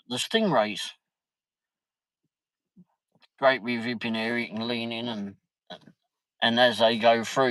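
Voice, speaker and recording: Guy yakking on his stream, laughs a lot, normal pitch, dry close sound. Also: a bit bright, no room sound, low-quality recording. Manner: rambling, laughs often, peppers speech with "flipping". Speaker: livestream host. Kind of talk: casual chat, anecdote.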